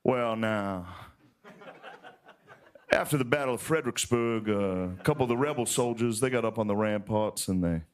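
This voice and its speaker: A man doing an impression of an old Southern male historian, telling folksy stories in a slow drawl during a stand-up set. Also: mid-range voice, lightly acted.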